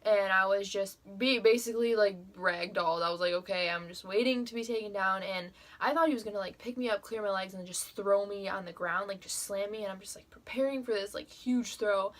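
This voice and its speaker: A woman's voice: mid-range voice, a little fast, hardly any pauses. Young woman vlogger, casual storytelling, emotional, salty language. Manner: emotional, swears freely, many "like" fillers.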